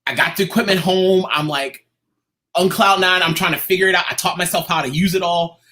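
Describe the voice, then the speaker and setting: A man, a guest artist in an interview, telling a personal story in a lively, casual way. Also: sits high, fairly quick. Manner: animated, acts out quoted voices.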